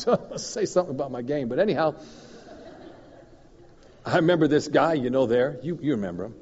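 A man preaching as a guest minister, telling a story in an animated way that swings from loud and emphatic to low and confiding. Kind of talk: storytelling sermon. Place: church hall. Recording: dull recording in a reverberant hall.

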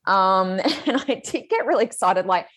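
A woman co-hosting a podcast, telling stories in a chatty, excitable way with lots of fillers. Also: mid-range voice, moderate pace. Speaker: psychic medium podcast co-host. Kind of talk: casual chat.

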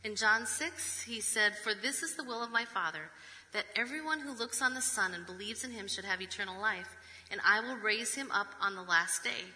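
A woman preaching a sermon, measured, reading scripture with rhetorical asides. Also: mid-range voice, sharp tone. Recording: long reverb of a large hall.

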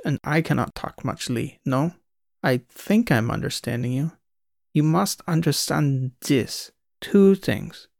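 Brief: narrator putting on a jumpy Eastern European station guide, higher voice, broken English, urgent hush. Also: male voice, creaky, dry recording, studio quality. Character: nervous secretive male station guide.

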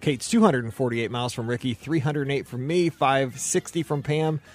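A man's voice: mid-range voice, normal speed, soft background music. A man with a Midwestern accent hosting a podcast, talking enthusiastically with plenty of restarts and reading listener emails aloud. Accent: Midwestern American. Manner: enthusiastic, many fillers and restarts. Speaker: podcast host.

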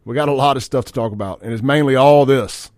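A man's voice: mid-range voice, fast talker, a little mellow, no echo, studio quality. A man hosting a political talk radio show, blunt, fired-up and folksy.

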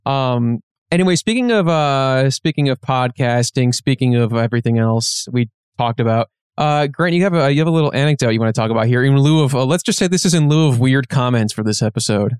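A man hosting a podcast in casual chat, joking and steering the talk with quick asides. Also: mid-range voice, darkish tone, clear, resonant tone, dry recording, clean studio sound. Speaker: podcast host.

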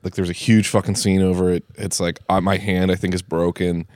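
Joking lower-voiced young man. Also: little pitch movement, brisk, a little mellow, no room sound, clean studio sound. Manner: joking, laughing, crude asides. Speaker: podcast guest. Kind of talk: casual podcast chat.

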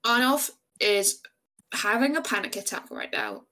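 A woman's voice: medium pitch, huge pitch swings, a little slow, pushed and bright. Giggly woman at a tabletop game. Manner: giggly, self-deprecating. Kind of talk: casual tabletop role-play.

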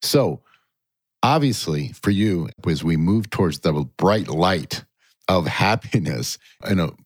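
Very deep-voiced male host. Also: animated, takes it slowly, dry recording. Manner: friendly, conversational, uses "you know" and "dude". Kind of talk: casual podcast conversation.

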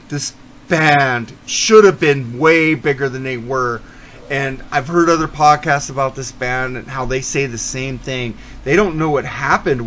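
A man hosting a casual podcast, talking in an excitable, gushing way and swearing freely. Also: mid-range voice, a little hiss or hum. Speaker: podcast host.

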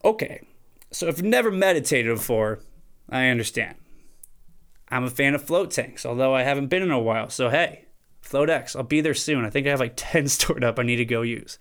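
Smooth-voiced man, casual podcast rant. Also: mid-range voice, animated, brisk, a bit bright. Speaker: podcast host. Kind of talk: casual monologue.

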